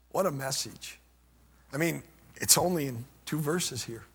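An older man preaches with fervor, his voice climbing to shouts and sinking to near whispers. His tone is bright and a little husky. Long church reverb trails each phrase. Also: fairly high pitch, animated, unhurried. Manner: impassioned, rising to shouts then dropping to near whispers. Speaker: pastor. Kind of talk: sermon.

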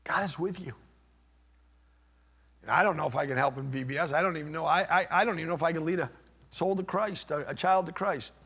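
An older man preaching a sermon as pastor, impassioned, rising to shouts and dropping to near whispers. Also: on the high side, a little fast, long pauses, slightly rough, big-room sound.

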